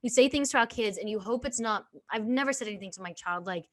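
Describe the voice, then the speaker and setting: Candid woman podcast host, kinda high voice, rambly, says like a lot. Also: quick pace. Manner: chatty, candid, filler-heavy with "like". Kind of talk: casual podcast chat.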